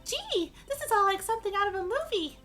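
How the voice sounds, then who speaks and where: Coy teasing young witness, super high, bouncy sing-song, game music faint underneath. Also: female voice, lively intonation, quick pace, pushed and bright, heavily acted. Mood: excited, scolding. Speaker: streamer voicing game dialogue.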